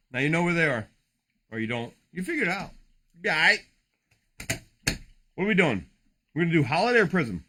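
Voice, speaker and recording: A man's voice: on the high side, fairly bright tone. A man hosting a late-night card break, joking, rambling and swearing as he opens packs. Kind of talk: casual livestream card break.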